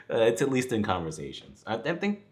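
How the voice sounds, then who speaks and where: A man's voice: mid-range voice, huge pitch swings, moderate pace. A man giving a casual, rambling film review, laughing often and swearing freely. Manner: rambling, chuckling, profane. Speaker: movie reviewer.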